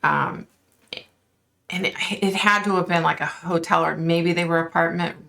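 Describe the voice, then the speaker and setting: A woman's voice: fairly low pitch, fairly even intonation, moderate pace, gravelly, pushed and bright. A woman vlogger recounting a psychic vision in a loose, rambling way, full of fillers. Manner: rambling, many fillers, points at an imagined map. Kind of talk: casual storytelling to camera.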